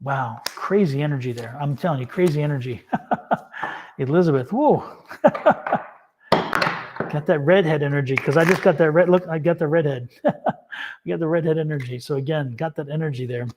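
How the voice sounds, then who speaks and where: Excitable man giving live tarot readings. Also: on the high side, normal speed, long pauses, a little hiss or hum. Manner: upbeat and excitable, laughs often; encouraging, affirming. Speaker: tarot reader hosting a live stream.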